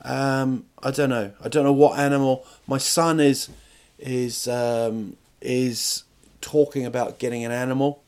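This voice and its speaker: Middle-aged man, podcast host, solo comic ramble, mid pitch, crude asides, stop-start phrasing. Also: steady tone, measured pace, a little mellow, smooth. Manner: rambling, stop-start, crude jokes, rising rhetorical questions. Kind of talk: comic monologue.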